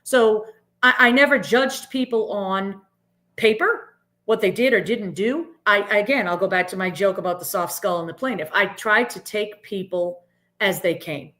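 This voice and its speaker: A middle-aged woman speaks in an earnest, emphatic way as a podcast guest. She often ends her points with "right?". Her voice sits at an ordinary middle pitch. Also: pushed and bright. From Boston area, US. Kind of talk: reflective interview talk.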